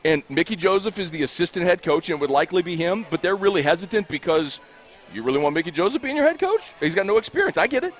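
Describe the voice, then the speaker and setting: A man co-hosting a postgame sports radio show, ranting furiously and profanely, shouting and hammering his points. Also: sits high, sing-song, fast talker. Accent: Louisiana. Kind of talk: heated postgame talk radio rant. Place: cigar bar.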